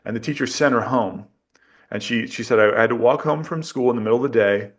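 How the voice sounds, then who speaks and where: Halting, thoughtful male podcast guest. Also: medium pitch. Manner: thoughtful, halting, repeats words while searching for his point. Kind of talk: casual conversation.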